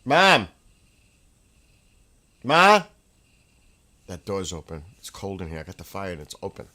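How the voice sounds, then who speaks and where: A man hosting a casual livestream from home, telling rambling, excitable stories and laughing as he goes. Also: deep voice, fast talker. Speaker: livestream host. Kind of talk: casual chat.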